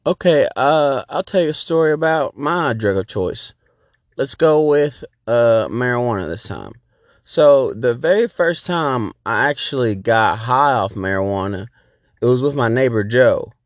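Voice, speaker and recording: A man's voice: medium pitch, expressive, unhurried, no room sound, clean studio sound. A man hosting a podcast, telling a rambling, profane story in a laid-back, casual way. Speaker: podcast host.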